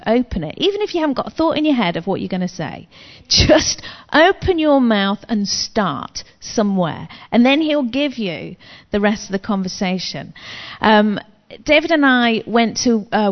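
A woman sharing a personal faith testimony in a chatty, frank, self-deprecating manner, like a sermon. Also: fairly high pitch. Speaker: Christian speaker. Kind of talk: testimony-style preaching. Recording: long reverb, dull lo-fi sound.

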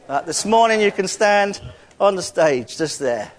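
A man leading a playful, interactive sermon, joking with the congregation and calling out to them loudly. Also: sits high, lively intonation, unhurried. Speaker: church speaker.

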